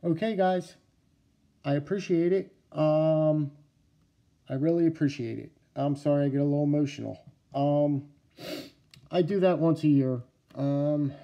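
A man with a New Jersey accent talks casually to camera about his knife collection, halting often with fillers and restarts. His voice is mid-range with a dark tone.

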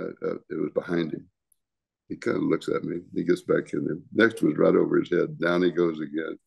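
An older man with a very low, gravelly voice spins salty stories and chuckles between lines. His talk is loose and conversational, full of rough language. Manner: profane, chuckling storyteller. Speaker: retired baseball pitcher. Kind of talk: casual storytelling interview.

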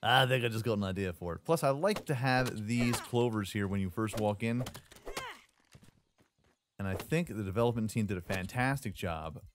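A man's voice: on the low side, slight background noise. A man giving casual, jokey commentary while playing a survival building game, often taunting the creatures he fights. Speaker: gaming YouTuber.

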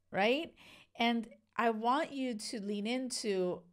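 Frank, smooth-voiced woman podcast host. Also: on the high side, takes it slowly. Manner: frank, animated and conversational, with frequent quoted self-talk. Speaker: podcast host and relationship coach. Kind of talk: solo podcast monologue.

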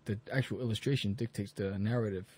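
A man's voice: on the low side, fairly even intonation, quick pace, darkish tone, a little hiss or hum. A man, a comic creator talking in a casual podcast roundtable, rambling through stories with many restarts.

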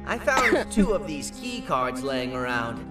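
A voice actor playing a calm horror-game guide character who explains matter-of-factly, heard from a distance under loud game music. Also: mid-range voice, a little slow. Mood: explaining. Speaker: game character giving instructions.

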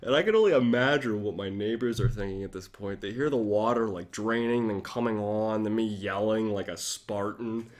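Man, livestream host, casual chat, animated storytelling, dramatic retelling. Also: lowish voice, moderate pace, hardly any pauses.

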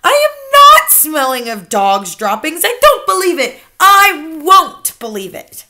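A woman's voice: wildly swooping pitch, moderate pace, pushed and bright, heavily acted. A woman reading as a shocked little boy. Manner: high, eager, protesting. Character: young boy, curious and easily shocked. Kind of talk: children's book read-aloud.

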